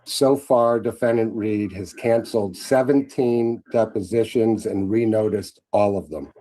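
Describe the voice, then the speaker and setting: A man attorney reading a prepared statement to a judge at a hearing, formal and measured. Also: mid-range voice, mellow, low-quality recording.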